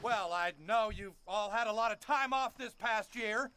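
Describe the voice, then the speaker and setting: A man's voice: sits high, normal speed, bright, forceful tone, clean tone. A man voicing a pompous, self-righteous male teacher in a cartoon, preachy and smug. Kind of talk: animated cartoon voice acting. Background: music.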